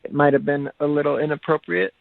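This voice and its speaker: A young man on a phone call, talking in a hesitant, halting way. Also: a little high, flat delivery, vocal fry, no echo. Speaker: caller on the phone. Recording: tinny phone line.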